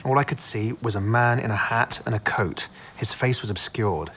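Guy doing a calm loyal agent, matter of fact, medium voice, radio drama. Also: medium pitch, moderate pace, slight background noise, lightly acted. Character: loyal, level-headed adult male agent. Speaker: intelligence agent.

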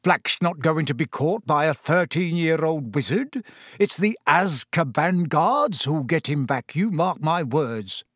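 A man's voice: a little high, lively intonation, a little slow, a bit bright, dry recording, studio quality. A man doing a grave, weary middle-aged father. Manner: grave, strained. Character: worried, kindly middle-aged father and wizard.

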